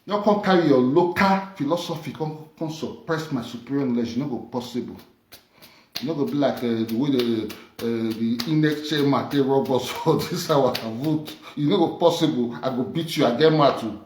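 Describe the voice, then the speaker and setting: A woman's voice: a bass voice, normal speed, a little mellow, echoey room, a little hiss or hum. A Nigerian woman vlogger speaking Nigerian Pidgin English in a combative, mocking rant full of repeated taunts. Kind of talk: ranting monologue.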